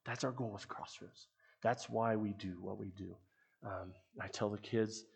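Man, youth ministry sermon, earnest conversational preaching, husky. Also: on the low side, fairly even intonation, a little slow. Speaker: youth ministry leader speaking to supporters.

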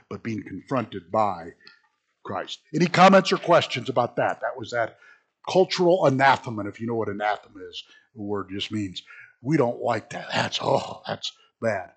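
A man's voice: mid-range voice, slightly rough. A man teaching an informal Bible class, chatty and self-mocking, who laughs at his own jokes and reads scripture aloud.

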